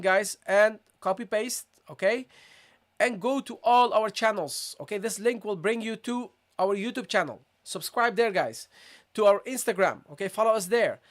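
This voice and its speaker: An Arabic teacher runs a live-streamed language lesson in a mid-range voice at normal speed. Pronunciation is drilled by repeating each sound, and the teacher keeps checking in with listeners, saying "okay?" and "guys" over and over.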